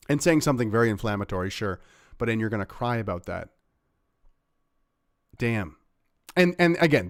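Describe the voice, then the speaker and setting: A man's voice: lowish voice, dry recording, clean studio sound. A man hosting a livestream, giving casual, sarcastic commentary on clips he plays, rambling with fillers. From Canada. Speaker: livestream host reacting to clips.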